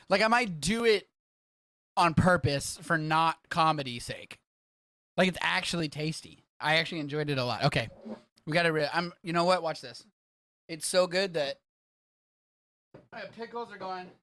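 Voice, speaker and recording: Rambling, excitable man hosting a podcast. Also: a little high, no echo. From Texas. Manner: rambling, excitable, swears freely. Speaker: podcast host. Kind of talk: casual livestreamed podcast chat.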